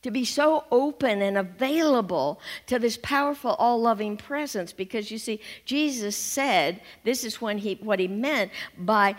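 A woman's voice: on the high side, a little slow, hardly any pauses. A woman minister preaching a sermon, telling stories with humor and inviting her congregation to join in. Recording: long hall reverb.

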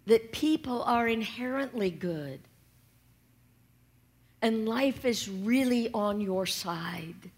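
A woman minister preaching a sermon, talking softly and slowly and sometimes dropping to a whisper. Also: a little high, husky. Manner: soft and slow, dropping to whispers.

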